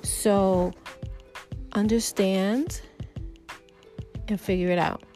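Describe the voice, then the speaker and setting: A woman's voice: medium pitch, steady tone, drawn-out words, mellow, soft background music. Emphatic woman preaching life advice. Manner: emphatic, preachy, conversational with many fillers. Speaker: vlogger giving life advice. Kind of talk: casual motivational talk to camera.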